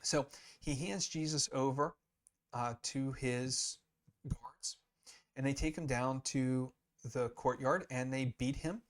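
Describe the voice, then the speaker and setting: A man's voice: medium pitch, fairly even intonation, takes it slowly. A man teaching Scripture in a casual, explanatory way, earnest and emphatic, often restarting mid-sentence as he thinks aloud. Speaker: Bible teacher.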